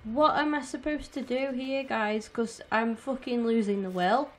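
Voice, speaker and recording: A woman's voice: fairly high pitch, unhurried. A woman in her twenties giving frustrated, heavily sworn let's-play commentary and talking to her viewers. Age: 20s. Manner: frustrated, swears constantly, talks to viewers. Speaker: gaming streamer.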